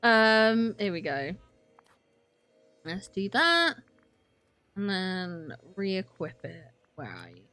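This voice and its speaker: A young woman streams a game and chatters to herself, bright and lively, her pitch leaping around as she gets flustered. She talks in an unhurried way, breaking into laughs and little exclamations. Faint music plays behind her. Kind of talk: gaming livestream commentary.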